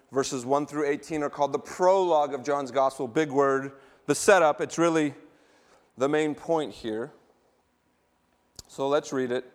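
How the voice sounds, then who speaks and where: A middle-aged male pastor preaching a sermon, emphatic and quizzing the congregation with questions as he reads scripture. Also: medium pitch.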